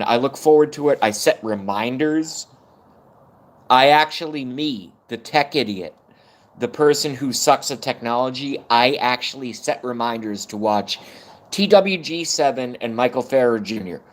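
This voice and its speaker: A man hosting his own live stream, talking in a blunt, profane, rambling monologue and holding back tears at times. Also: medium pitch. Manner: profane, blunt and swings between energy and fighting tears. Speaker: YouTube livestream host.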